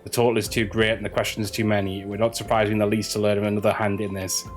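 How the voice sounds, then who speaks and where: A man's voice: fairly low pitch, flat delivery, rapid-fire, natural voice. A man reading aloud an earnest male investigator from a game, stumbling on words now and then. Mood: steady. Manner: reads quest dialogue aloud, stumbling on words.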